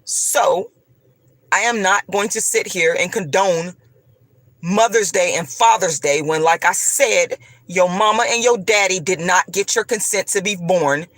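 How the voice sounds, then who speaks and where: A woman's voice: fairly low pitch, unhurried, a bit bright, no room sound. A woman vlogger delivering a profane, combative, preachy rant straight to her viewers. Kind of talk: ranting monologue to camera.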